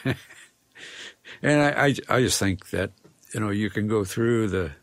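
A man's voice: fairly low pitch, dry recording. A man speaking as an interview guest, thoughtful and reflective, often restarting his sentences. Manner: thoughtful, halting, many restarts. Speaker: guest, philosopher and educator.

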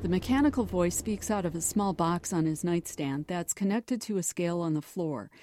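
Mellow-voiced woman radio reporter. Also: on the low side, lively intonation, a little hiss or hum. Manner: measured, explanatory. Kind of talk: scripted radio news report.

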